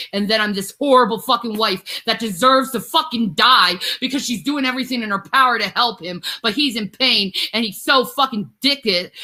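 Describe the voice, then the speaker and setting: A woman's voice: fairly high pitch, bright, forceful tone. A woman ranting angrily at her husband, profane and bitter. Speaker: livestreamer. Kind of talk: angry rant.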